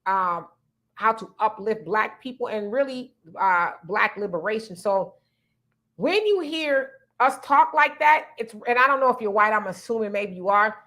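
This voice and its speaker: A woman's voice: medium pitch, bright, forceful tone. A woman hosts a live stream, calling out viewers and reading their comments before giving her own take. She talks in an easy, conversational way, in a voice that sits in the middle of the female range. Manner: reads viewer comments aloud and responds conversationally. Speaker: livestream host reading chat. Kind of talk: casual livestream chat.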